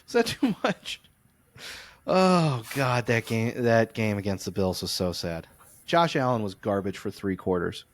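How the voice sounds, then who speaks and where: A man co-hosting a podcast, telling long, animated, rambling stories in casual sports chat. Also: on the low side, normal speed. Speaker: podcast co-host. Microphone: close podcast mic.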